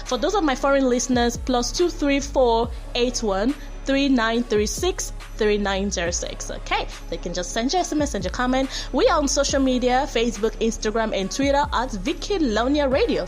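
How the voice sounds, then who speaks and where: A woman hosting a radio show, chatting in a bubbly, giggly and effusive way. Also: fairly high pitch. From Nigeria. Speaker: radio host. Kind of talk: casual radio chat.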